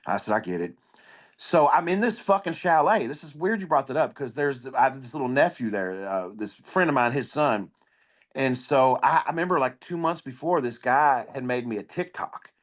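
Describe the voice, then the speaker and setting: A comedian appearing as a podcast guest tells blunt, profane stories in casual conversation. His voice is medium in pitch at a moderate pace, and he comes across as an animated storyteller in this relaxed interview.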